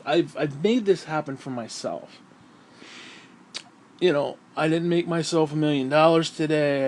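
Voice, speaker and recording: A man talking through a profane, rambling vlog monologue, short of breath and sighing often. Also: on the high side. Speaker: vlogger.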